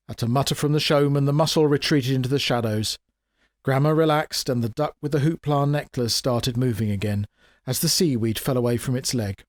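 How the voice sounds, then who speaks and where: A man reading his own comic fantasy story aloud in a wry, expressive way. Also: medium pitch, brisk, no echo, studio quality. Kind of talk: dramatic audiobook narration.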